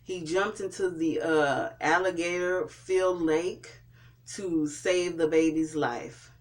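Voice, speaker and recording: A vlogger recapping and reviewing a TV episode in a casual way, pausing often and restarting sentences. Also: mid-range voice, steady tone. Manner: hesitant, with frequent fillers and restarts. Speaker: TV show reviewer.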